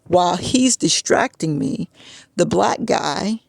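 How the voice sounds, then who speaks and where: A woman's voice: on the low side, animated, slow, gravelly, no echo. A woman telling a personal story in a frustrated, agitated way, as a vlog rant.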